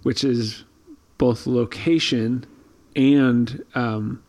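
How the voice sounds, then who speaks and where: A man's voice: medium pitch, steady tone, extremely slow, darkish tone. A man co-hosting a casual Bible study podcast, explaining thoughtfully with frequent ums and restarts. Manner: thoughtful, many fillers and restarts. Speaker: podcast co-host.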